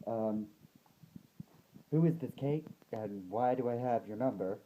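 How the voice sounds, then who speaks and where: A man's voice: mid-range voice, unhurried, long pauses, narrow, tinny audio, a little hiss or hum. A young man with a put-on American accent, talking casually in a rambling, sweary way full of ums and likes. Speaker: vlogger.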